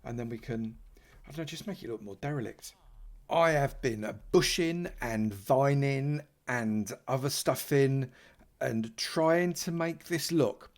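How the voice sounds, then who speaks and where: A man talks casually over his Minecraft gameplay. He is playful and chatty, teasing and thanking his supporters, with a middle-pitched voice. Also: a little slow. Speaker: Minecraft YouTuber.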